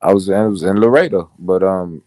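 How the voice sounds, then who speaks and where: A man's voice: low voice, brisk, mellow, no echo. A man in casual chat, talking loosely with lots of "like" and swearing. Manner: loose, profane, says "like" a lot.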